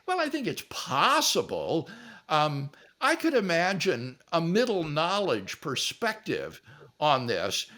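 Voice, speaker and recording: Older man, guest philosopher, lively raised voice, acts out quotes. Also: a little high, takes it slowly. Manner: animated storyteller, acts out quotes. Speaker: guest philosopher answering questions. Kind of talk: relaxed question-and-answer storytelling.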